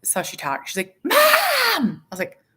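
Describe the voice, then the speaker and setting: A woman's voice: very high-pitched, huge pitch swings, quick pace, a bit bright. A woman casually vlogging about her busy family life, rambling and self-deprecating, with lots of fillers. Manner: chatty and rambling, with many fillers, self-deprecating asides and acted quotes. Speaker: vlogger and mother. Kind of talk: casual personal vlog chat.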